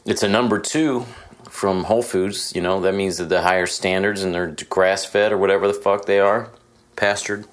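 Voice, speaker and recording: A man with a very low voice talks in a loose, rambling way, full of asides and swearing. His tone is self-deprecating and casual, as a host chatting from a hotel room. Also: fairly even intonation, moderate pace. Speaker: podcast host. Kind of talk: casual monologue.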